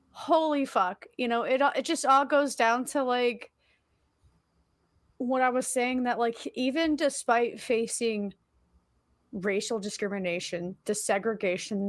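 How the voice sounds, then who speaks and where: Woman podcast co-host, high voice, dry close mic, emotional, swears, lots of likes. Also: dry recording. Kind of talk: casual chat.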